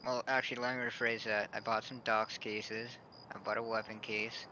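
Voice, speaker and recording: A man's voice: on the low side, level tone, normal speed, pushed and bright, a little hiss or hum, low-quality recording. A man joking and teasing friends on voice chat while gaming. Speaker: gamer on voice chat.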